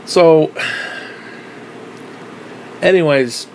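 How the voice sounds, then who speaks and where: A man with a slightly high voice rambles his way through a casual vlog monologue. His talk is loose and profane, full of fillers and restarts. A faint hum of air conditioning sits behind him. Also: extremely slow, darkish tone, rough recording. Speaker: vlogger.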